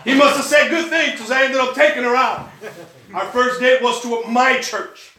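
Male preacher, high and bright, lively storytelling sermon, roomy echo. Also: normal speed. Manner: animated storytelling, acts out quoted voices. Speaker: pastor. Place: church.

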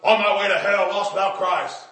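A preacher voicing a gruff, rough ex-addict man telling his story, in a loud and excited way. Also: sits high, moderate pace, pitched above the performer's own voice. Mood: earnest. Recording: echoey room, distant mic.

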